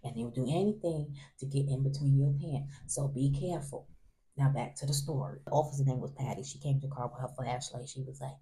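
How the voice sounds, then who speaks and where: A man hosting a vlog, telling a college story in a casual, animated way, often laughing and acting out what others said. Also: medium pitch, brisk. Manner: animated, acts out other people's lines in raised voices. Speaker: vlog host.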